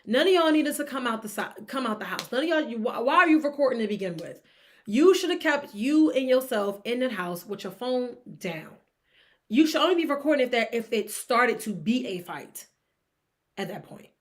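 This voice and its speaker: Opinionated woman podcaster with a high voice. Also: normal speed. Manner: opinionated, animated, talks straight to listener with rhetorical questions; breaks into high-pitched laughing disbelief. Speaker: podcast co-host. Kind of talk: casual sports gossip commentary.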